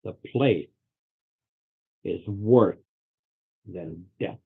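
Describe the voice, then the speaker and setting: A man voicing a grim, terrified father who threatens adventurers with slow, ominous words. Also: on the low side, gravelly, breathy edge, full character voice. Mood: haunted. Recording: phone-like lo-fi recording.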